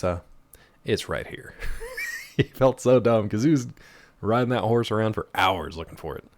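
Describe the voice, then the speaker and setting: A man streaming a game live, chatting casually and teasing his chat as he answers them. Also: sits low.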